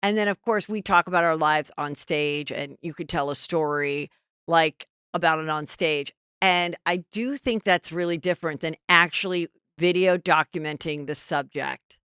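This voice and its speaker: A middle-aged woman hosts a podcast in casual, chatty conversation, jumping from story to story. Her voice is low-pitched and smooth, with a clean resonance. The recording is dry and close, with no room sound. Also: moderate pace, fairly bright tone, dry recording. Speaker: podcast host. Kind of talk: casual chat.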